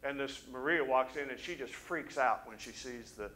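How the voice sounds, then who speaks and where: A man's voice: mid-range voice, normal speed, poor audio. Man preaching a story-filled sermon. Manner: animated storyteller, acts out quoted voices. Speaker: pastor. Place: church service.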